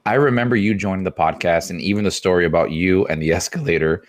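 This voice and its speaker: A man's voice: sits low, fast. A man co-hosting a podcast, reading out listener messages and laughing between them. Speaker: podcast co-host.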